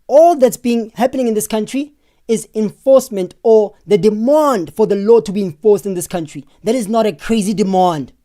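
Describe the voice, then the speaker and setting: Emphatic South African woman streamer, mellow voice. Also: mid-range voice, moderate pace. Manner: emphatic, rhetorical, animated. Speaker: livestream host. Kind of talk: heated live commentary.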